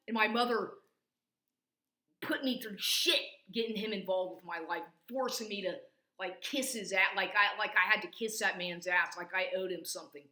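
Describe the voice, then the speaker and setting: A woman's voice: medium pitch, moderate pace, pushed and bright, roomy sound. Agitated, profane woman ranting. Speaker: vlogger. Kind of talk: angry personal rant.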